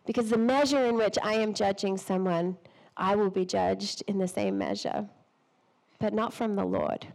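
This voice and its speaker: A woman's voice: mid-range voice, steady tone, normal speed, vocal fry, darkish tone, low-quality recording. A woman with a cold, preaching to women in a chatty, self-deprecating way, laughing often and sometimes losing her thread. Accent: a noticeable non-local accent. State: has a cold. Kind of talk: sermon.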